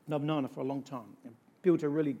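A male pastor preaching a sermon to a congregation, shifting between soft storytelling and loud, rousing exhortation built on repeated lists. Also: a little high, fairly even intonation, fast talker, dull audio. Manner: emphatic, repetitive lists.

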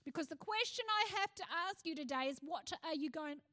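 A woman's voice: high-pitched, expressive, brisk, few pauses, pushed and bright. A middle-aged woman pastor with an Australian accent, preaching a passionate sermon that rises to fervent cries.

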